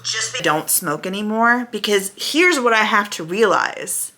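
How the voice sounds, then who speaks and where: A woman's voice: medium pitch, animated, measured pace, crowd noise. A woman in her thirties talking candidly and emotionally in a casual reaction vlog to her channel's viewers. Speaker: vlogger.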